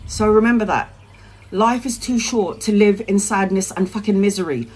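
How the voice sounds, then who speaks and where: A woman's voice: mid-range voice, moderate pace, a little mellow, slightly rough, poor audio. A woman, talking on a live stream in an emphatic, rambling way that is peppered with swearing. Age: 40s. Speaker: tarot reader live streamer.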